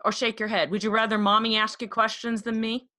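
A woman hosting a casual podcast chat, bubbly and excitable, teasing her guests. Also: on the high side, brisk, no echo. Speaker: podcast host. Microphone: podcast microphone.

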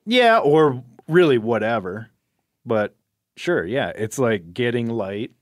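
A relaxed male podcast guest chats loosely and keeps chiming in with quick agreement. His mid-range voice moves up and down freely and sounds dry and near. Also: medium pitch, no echo. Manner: laid-back, brief agreeing interjections and easy laughs. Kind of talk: casual chat.

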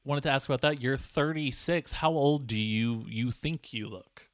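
A man with a mid-range voice ribs his co-host on an improvised comedy podcast, mock-exasperated and quick with fillers. The sound is close and completely dry, with no room around it. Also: medium pitch, no echo.

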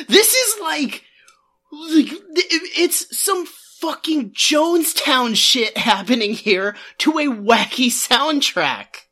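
A woman's voice: high-pitched, expressive, slow, a bit bright. A woman co-hosting a podcast, talking casually with lots of "like" fillers and sarcastic exasperation. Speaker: podcast co-host. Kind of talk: casual chat.

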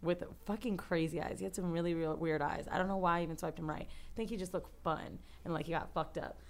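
A woman on a podcast telling a long, embarrassing story in casual chat, animated and profane, often acting out the people she quotes. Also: on the low side, fast, background noise. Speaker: podcast co-host. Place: podcast studio.

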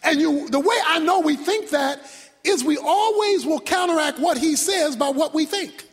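A male pastor preaching a sermon, emphatic, swinging from shouted points to quiet low asides. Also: moderate pace. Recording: long reverb from a large hall.

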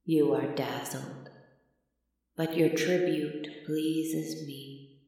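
A woman voicing an ancient, lonely female sea monster who speaks slowly and sorrowfully in a low, gravelly tone. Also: fairly even intonation, dark tone, exaggerated voice. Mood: sad, wistful. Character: ancient lonely female kraken, vast and slow. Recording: echoey, distant voice.

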